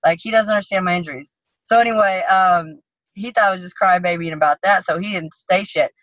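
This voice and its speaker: A woman guest in an interview, telling a story casually in a blunt, profane, animated way. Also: fairly low pitch, brisk, dry recording, lo-fi sound. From United States. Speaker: interview guest, MMA fighter.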